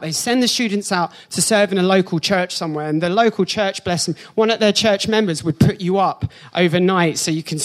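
A man, preaching a sermon and telling personal stories with animated, jokey reactions. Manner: animated storyteller, jumps into high excited voice for his own reactions; slows down and softens for the spiritual point. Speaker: pastor.

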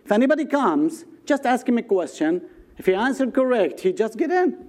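A man's voice: very high-pitched, very animated, fairly quick, darkish tone, voice pushed up. A man voicing the angel Gabriel as a firm gatekeeper of heaven in a told joke.

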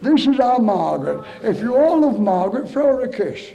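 A high-pitched but mellow man preaches with fervour at a revival meeting. He pleads and coaxes his flock emotionally, stumbling over repeated starts as the feeling runs ahead of his words. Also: big pitch swings, normal speed, vocal fry, muffled recording.

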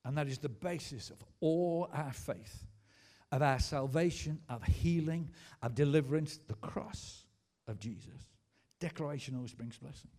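A man's voice: on the high side, moderate pace, mellow. A man, a pastor preaching a sermon in a school hall, emphatic, asking the congregation to repeat and answer back. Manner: emphatic preaching with call-and-response.

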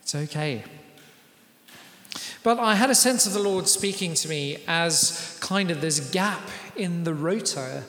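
A man's voice: on the high side, a little slow, a bit bright. A British man preaching a sermon to his congregation, in a conversational style with asides to the people in the room. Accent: British English. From Britain. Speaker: pastor. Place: large church hall. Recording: echoey church hall with long reverb.

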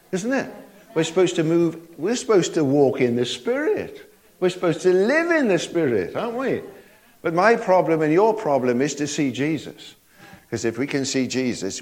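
A man's voice: a little high, a little mellow. An older man preaching a sermon in a folksy way, chuckling often and asking his listeners rhetorical tag questions.

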